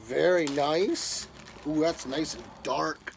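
A man's voice: fairly high pitch, slow pace, gravelly, slight background noise. A man opening a gift box of pipe tobacco and coffee, talking casually to his viewers with enthusiastic drawled exclamations. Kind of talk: casual unboxing talk to camera.

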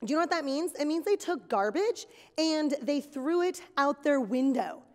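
A woman giving a children's sermon at church, telling stories in an animated, exaggerated way for kids. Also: high voice, moderate pace. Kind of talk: kid's sermon with acted skit. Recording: long reverb in a hall.

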